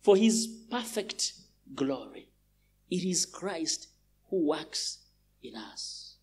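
A man's voice: fairly high pitch, big pitch swings, slow, slight background noise. A male pastor from Uganda preaching a sermon in a large church, emphatic and repeating phrases for stress.

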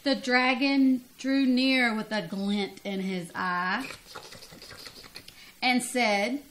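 A woman's voice: fairly high pitch, drawn-out words, slight background noise. A grandmother reading a children's storybook aloud expressively, laughing and leaping up on the cries. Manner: expressive, laughing, big vocal jumps on cries.

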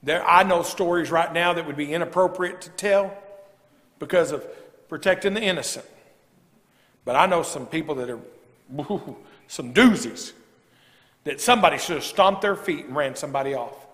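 Folksy preacher man, high voice. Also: fairly quick, a bit bright. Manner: folksy, rising to emphatic preaching. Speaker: pastor. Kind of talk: sermon. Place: church sanctuary. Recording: long church reverb.

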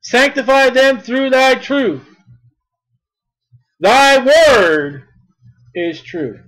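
A man preaching a sermon, reading scripture slowly and then speaking emphatically. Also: extremely high pitch, lively intonation, a bit bright, poor audio.

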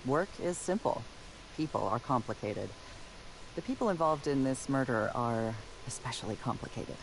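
A prim, dry-witted detective robot from a video game, every line measured and deadpan. The pitch sits in a plain middle range, and a faint hiss runs under the game audio. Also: male voice, gravelly, poor audio. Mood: formal. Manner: precise, formal and deadpan.

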